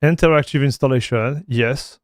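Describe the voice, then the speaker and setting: A man's voice: mid-range voice, moderate pace, no room sound, studio quality. A man with a French accent, chatting loosely on a live tech stream, with many fillers and repeated words. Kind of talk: casual livestream chat while installing software.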